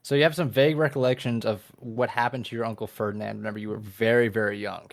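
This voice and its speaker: A man's voice: on the low side, steady tone, quick pace, creaky. Hesitant man running a tabletop game. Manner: hesitant, lots of ums. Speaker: game master.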